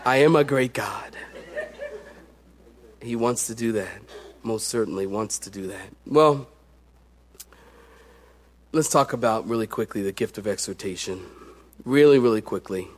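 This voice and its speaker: A middle-aged man preaches as pastor in a voice on the low side, at a moderate pace with long pauses. His storytelling is animated, alternating loud excitement with hushed passages.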